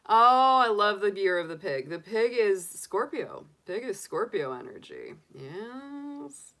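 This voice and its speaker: A woman's voice: mid-range voice, big pitch swings, measured pace, fairly bright tone. A woman hosting a casual tarot livestream, chatty and cheerful, greeting viewers by name as she chats along. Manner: cheerful and enthusiastic. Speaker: tarot reader and livestream host.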